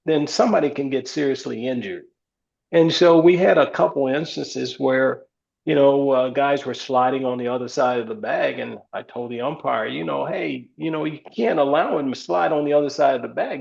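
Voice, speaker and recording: An older man, a retired ballplayer, recounting stories in a relaxed interview, with many fillers. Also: medium pitch, gravelly. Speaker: retired baseball player, guest. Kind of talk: storytelling interview. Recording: slightly dull lo-fi sound.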